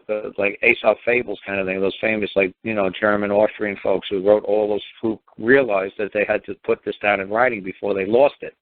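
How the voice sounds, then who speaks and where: A man's voice: lowish voice, dry recording. A man talking in a rambling phone-in monologue, full of "you know" and restarts. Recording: tinny dry phone line.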